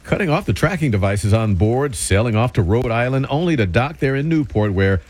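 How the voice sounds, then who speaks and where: A man reading the news as a radio anchor, measured and steady. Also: medium pitch. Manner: measured, steady newsreader delivery.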